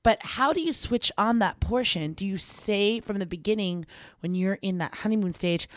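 A woman's voice: mid-range voice, no echo. Young woman, campus radio co-host, casual reflective talker, dry close sound. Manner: conversational, reflective, quick asides. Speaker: co-host of a college radio talk show. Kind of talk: casual advice chat.

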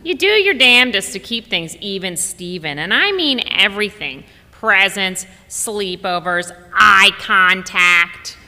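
A woman's voice: medium pitch, expressive, unhurried, few pauses, pushed and bright, long reverb tail, voice pushed up. A woman voicing an older mother who gives blunt, folksy advice with emphasis. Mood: emphatic.

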